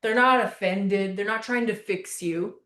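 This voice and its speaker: A woman leads a class in a loose, casual coaching voice, pressing her points with emphatic repetition and the odd casual swear. Her voice sits at an ordinary middle pitch. The recording carries a roomy echo. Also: a little slow, fairly bright tone. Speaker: class facilitator.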